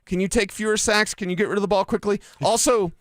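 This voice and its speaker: A man's voice: high voice, fairly even intonation, fast talker, fairly bright tone, dry recording, studio quality. A man from Colorado co-hosting a sports radio show, talking emphatically and joking. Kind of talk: casual sports talk. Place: radio studio.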